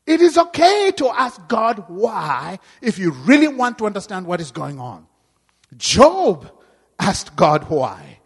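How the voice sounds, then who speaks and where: High-voiced man preaching in a reverberant hall. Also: big pitch swings, measured pace. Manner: dynamic preaching, swinging from hushed to loud cries. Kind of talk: sermon.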